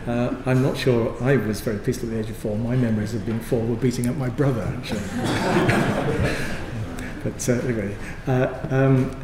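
A man introduces a speaker in a halting, self-deprecating way as master of ceremonies. His voice rings out in a large echoey hall with a long reverb tail, and noise is heard behind it. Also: medium pitch, mellow. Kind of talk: formal introduction. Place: large formal room.

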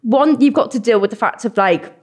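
A young woman, chatting casually as a podcast guest and peppering her talk with "like" and quick restarts. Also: fairly high pitch. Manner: chatty, lots of "like" and restarts, laughs easily. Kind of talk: casual chat.

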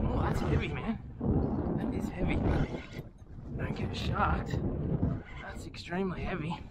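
An Australian man on a small boat at sea, giving excitable running commentary while fishing, swearing, laughing and talking to the fish. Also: high-pitched, very noisy. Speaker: fishing vlogger.

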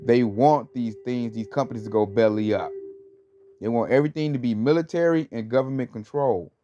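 At medium pitch and a slightly fast clip, a warm-toned man delivers a rambling, informal religious talk with no room sound. He uses plenty of fillers and scornful emphasis, and the dull lo-fi recording has faint music behind it.

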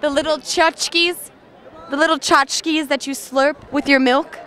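A woman's voice: high-pitched, steady tone, a little slow, bright, forceful tone, some chatter behind. A woman hosting a playful street interview, teasing passers-by with a word quiz. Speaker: host. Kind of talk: street vox-pop interviewing.

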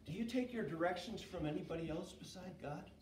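High-pitched guy telling kids a bible story, echoey room, mic far off. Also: brisk, a little hiss or hum. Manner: lively, asks kids questions. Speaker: children's church teacher. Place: church kids' room.

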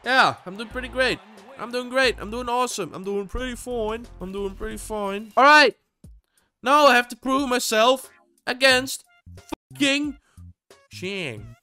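A young man giving excitable gameplay commentary as host, swearing and bursting into sudden yells. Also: very high-pitched, unhurried, soft background music. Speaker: gaming channel host.

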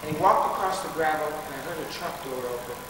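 A man with a rather high voice talks fast as he tells a dramatic personal story to a school assembly, his delivery rising into pleading shouts. He was recorded from far away in a large hall, so the sound is distant and echoey, with background noise.

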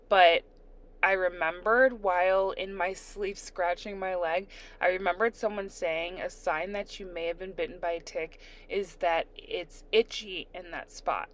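A young adult woman casually telling a story while doing her nails, animated and laughing as she re-enacts her own panic. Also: fairly low pitch. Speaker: storyteller, nail art vlogger.

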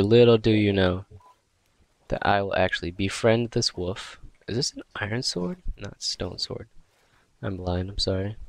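A young man giving excitable, dramatic commentary while playing a video game and talking to characters in the game. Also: lowish voice, gravelly. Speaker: gameplay commentator. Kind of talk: gameplay commentary.

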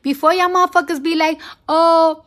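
A woman's voice: high-pitched, moderate pace, fairly bright tone. A woman, delivering a heated, profane and blunt unscripted rant straight to her followers. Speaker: celebrity rapper ranting to fans.

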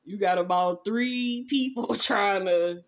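The audio has its highs cut off as a medium-pitched woman speaks slowly. She's doing a casual tarot reading for a spiritual vlog, swearing freely, laughing in bursts, and ranting in disbelief.

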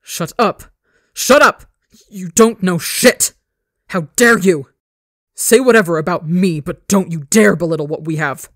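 A woman's voice: sits low, moderate pace, dry recording, studio quality, natural voice. A woman voicing a furious scarred young rebel. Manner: yelling, snarling, profane.

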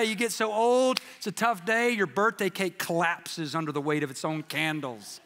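A man preaching a sermon in a large church, telling jokes and stories in a folksy, animated way. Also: sits high, normal speed, few pauses, slight background noise. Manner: joking storyteller, folksy and animated. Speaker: pastor. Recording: reverberant church hall.

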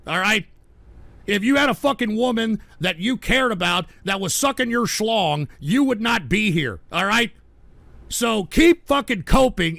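Male call-in host, profane angry ranter, high rough voice, dry close sound. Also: no echo. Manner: aggressive, profane, shouting rant. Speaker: radio call-in show host. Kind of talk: live call-in radio rant.

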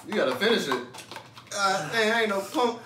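A man's voice: high voice, expressive, fairly quick, distant mic. Teary young man bantering off-mic. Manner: slangy, joking and complaining. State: teary from spicy food. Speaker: co-host in a food challenge. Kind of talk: casual banter on camera. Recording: roomy echo, off-mic, faint noise.

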